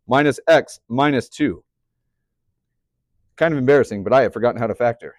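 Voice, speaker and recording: A man's voice: mid-range voice, no echo, studio quality. A young man teaching a math class, chatty, often putting questions to the students. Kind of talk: classroom lecture.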